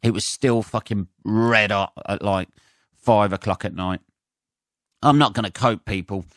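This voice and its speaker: A man's voice: lowish voice, unhurried, no echo, clean studio sound. A man, a comedian hosting his own podcast, rambling sarcastically and swearing freely while stuffed up with a cold. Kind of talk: solo podcast monologue.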